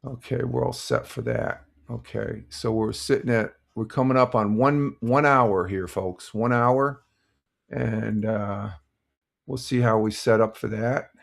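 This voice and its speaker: A man's voice: medium pitch, steady tone, measured pace, gravelly. An older man hosting a casual morning live stream, rambling through sports results and greeting viewers in the chat with many fillers. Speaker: livestream host.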